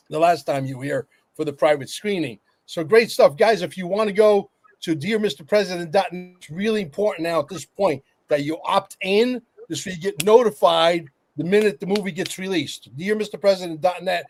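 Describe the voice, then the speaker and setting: A man's voice: a little high, dry recording. A man hosting a roundtable podcast, chatty and enthusiastic as he talks up his project. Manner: chatty, enthusiastic, self-promoting. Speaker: podcast host. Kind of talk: casual roundtable chat.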